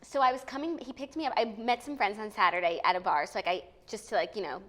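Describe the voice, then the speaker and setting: Quick, upbeat young woman co-host. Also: medium pitch, pushed and bright. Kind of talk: casual chat. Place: studio.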